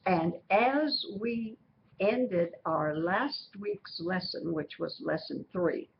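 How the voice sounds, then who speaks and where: A woman teaching a Bible study lesson, explaining slowly and repeating key phrases. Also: lowish voice, gravelly. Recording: muffled recording with steady background noise.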